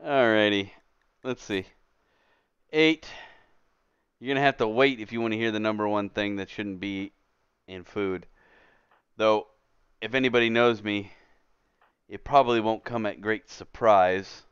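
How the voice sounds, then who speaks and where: A man's voice: fairly low pitch, fairly even intonation, measured pace, long pauses, smooth, no room sound. A man streaming a game who rants in an exasperated, emphatic casual way from his computer, on a dull lo-fi recording. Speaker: gaming streamer. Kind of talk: casual ranting commentary while gaming. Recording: dull lo-fi dry sound.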